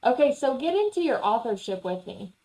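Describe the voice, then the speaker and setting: A woman hosts a podcast in a relaxed, chatty way. Her voice sits a little high, and her questions wander through fillers before she lands on them. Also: a little fast, low-quality recording. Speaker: podcast host. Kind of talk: casual interview chat.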